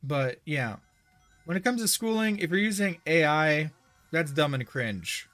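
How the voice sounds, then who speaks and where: A man streaming a video game live, chatting casually in a rambling, excitable way with frequent restarts. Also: a little high, a little slow, soft background music. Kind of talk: casual livestream chat while gaming.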